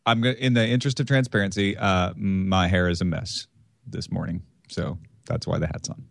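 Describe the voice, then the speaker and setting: A man's voice: low voice, steady tone, fairly quick, creaky, no echo. A man who is a podcaster, a guest on a casual interview show, with a dry playful humor.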